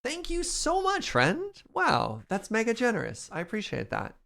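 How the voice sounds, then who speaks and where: A man's voice: high-pitched, wildly swooping pitch, moderate pace, creaky, bright, forceful tone. A man casually commenting as he streams a building game, chatty and playful, talking to his chat.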